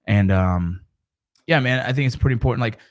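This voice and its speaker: A man's voice: medium pitch, fairly quick. A man in his thirties talking to camera in a loose, rambling way about his family life. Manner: rambling, loose, with fillers and restarts. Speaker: vlogger. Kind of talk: casual monologue.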